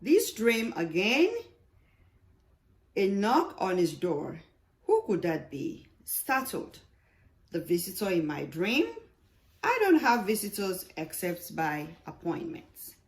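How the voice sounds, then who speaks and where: Woman, author reading her play, stage directions, slow, low voice. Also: very animated. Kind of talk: read-aloud play narration.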